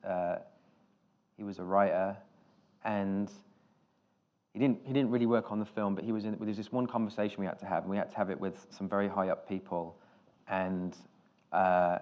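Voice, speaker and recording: British male director, low-pitched, loose anecdotal talker who swears casually. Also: darkish tone, lo-fi sound. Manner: rambling anecdotal storytelling with restarts and casual swearing. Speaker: film director, interview guest. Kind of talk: live on-stage conversation.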